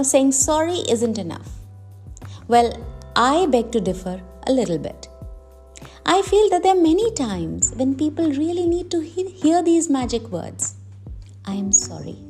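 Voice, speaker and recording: Woman presenter, high and lively, mellow tone, chatty explainer with rhetorical questions, soft music behind. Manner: conversational, with rhetorical questions and slow emphasis. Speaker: communication presenter. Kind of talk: explainer talk to camera.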